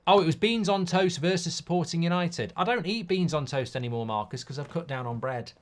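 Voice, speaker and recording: A man's voice: a little high, a little fast. A man hosting a live football watchalong, casual and blunt, reading out viewer comments between reactions to the match. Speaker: host.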